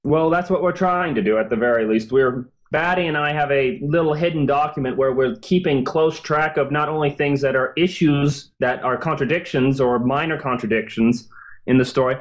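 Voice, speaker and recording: A man's voice: fairly high pitch, normal speed. Earnest man with a raised voice. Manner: earnest, explanatory, thinks aloud. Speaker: guest fanfiction author. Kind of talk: casual podcast interview.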